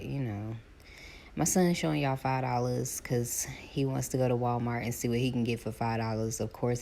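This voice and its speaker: A woman, chatting casually to her viewers while doing her hair, animated as she retells her calls. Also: very deep voice. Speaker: vlogger.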